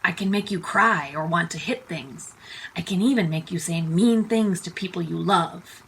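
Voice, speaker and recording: A woman voicing a hairy red anger creature, calm and knowing, speaking softly and sometimes in a hush. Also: lowish voice, normal speed, gravelly, a little hiss or hum, rough recording.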